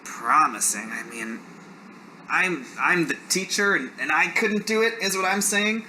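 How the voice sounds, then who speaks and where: A man's voice: a little high, a little slow, pushed and bright, a little hiss or hum, voice pushed up, low-quality recording. A man voicing a grumpy, self-important male village wizard with a sore throat, prickly and easily offended.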